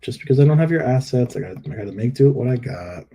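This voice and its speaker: A man's voice: medium pitch, animated, very fast, mellow. A middle-aged man hosting a live review, joking and thinking aloud while he edits images on screen. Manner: playful, jokey, thinks aloud while editing. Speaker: host giving live product listing reviews. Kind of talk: live screen-share critique.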